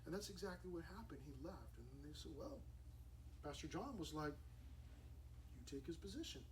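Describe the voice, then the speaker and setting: Man, youth pastor, casual lively sermon, slightly high voice, distant mic, faint background noise. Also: moderate pace. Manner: lively storytelling preacher with casual slang. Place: church service.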